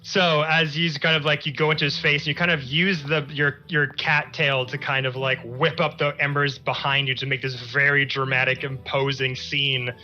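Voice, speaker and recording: A man narrating as game master of a tabletop game, describing scenes in an unhurried storytelling manner. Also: medium pitch, level tone, sharp tone, muffled recording, soft background music.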